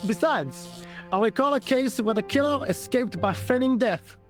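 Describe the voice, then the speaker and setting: An actor playing an eager, bumbling young police sergeant. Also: male voice, very high voice, animated, normal speed, faint music behind. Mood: earnest. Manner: earnest, fussy, eager to please.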